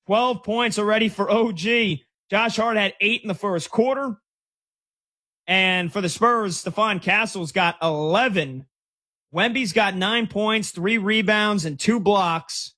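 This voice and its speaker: Excitable high-voiced male sports host. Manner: excitable, rapid, breaks into shouts. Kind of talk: live game commentary and call-in talk.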